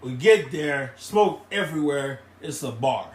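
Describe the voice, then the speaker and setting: A man's voice: mid-range voice, lively intonation, measured pace, distant mic. Rambling man in an echoey room. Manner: rambling storyteller, repeats phrases. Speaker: podcast co-host. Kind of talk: casual chat. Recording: echoey room with faint noise.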